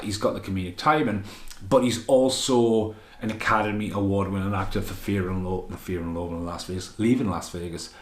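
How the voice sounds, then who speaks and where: A man rants through a film review in a loose, rambling way, swearing often and getting worked up as he goes. His voice sits a little low. The sound bounces around an echoey room. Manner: rambling, profane, excitable. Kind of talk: unscripted ranting film review.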